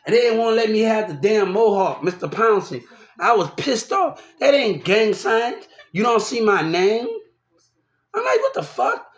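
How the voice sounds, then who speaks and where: A man telling a long personal story in a loud, rambling, casual way, often laughing as he talks. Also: high voice. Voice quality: loud, animated, laughs often while talking. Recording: echoey room.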